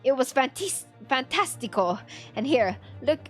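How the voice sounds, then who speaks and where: A woman's voice: sits high, big pitch swings, unhurried, a bit bright, faint music behind, heavily acted. A woman doing a comic Italian thug. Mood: boastful. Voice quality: exaggerated comic accent, fillers. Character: excitable male Italian thug, food-loving.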